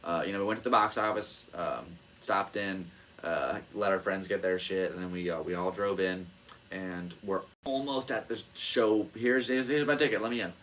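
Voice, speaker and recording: This is a male podcast host with a low-pitched voice and a moderate pace, recorded on poor audio with slight background noise. Animated and casual, he tells a story, swears freely, and mimics the voices of the people in it.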